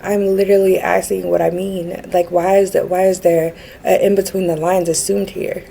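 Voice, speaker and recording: A low-pitched woman with a gravelly edge to her voice talks through a personal rant, earnest and frustrated. Her tone is dark and mellow, and a faint hiss of background noise sits under the recording. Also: flat delivery, moderate pace, rough recording. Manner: earnest, frustrated, many fillers and restarts. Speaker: vlogger.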